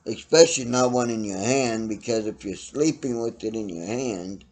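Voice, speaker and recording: A middle-aged man ranting his opinions bluntly and profanely, swinging from loud outbursts to low mutters. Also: normal speed. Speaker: vlogger ranting to camera.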